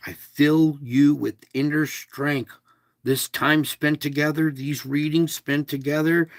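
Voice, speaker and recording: A man's voice: on the high side, fairly even intonation, slow pace, dry recording. A man hosting an online devotional, reading aloud with casual asides and stressing single words. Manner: casual, chatty.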